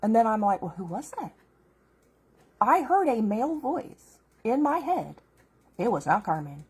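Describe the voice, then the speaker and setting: Husky-voiced woman sharing a faith story. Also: a little high, sing-song, normal speed. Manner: earnest, heartfelt storytelling with restarts. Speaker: vlogger. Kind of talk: personal faith testimony.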